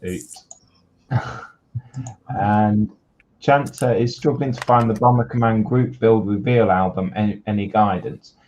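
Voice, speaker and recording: A man's voice: on the low side, measured pace, long pauses, darkish tone, a little hiss or hum. A man with a Yorkshire accent co-hosting a livestream, chatting casually and reading out viewer comments. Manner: banters and reads out viewer comments. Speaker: livestream co-host reading chat. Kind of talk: casual chat.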